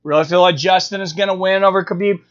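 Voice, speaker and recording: A man with a high voice hosts a live stream, talking casually and answering viewers' comments. He thinks out loud, circling back with fillers and restarts. The sound is dull and lo-fi. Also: fairly even intonation, quick pace. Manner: rambling, thinking aloud with many fillers and restarts.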